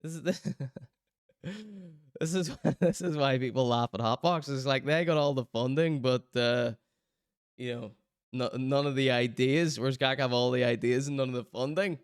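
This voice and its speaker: A man's voice: medium pitch, moderate pace, smooth, dry recording, studio quality. A man hosting his own online show, plugging t-shirts in a joking, rambling, self-mocking way. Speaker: show host.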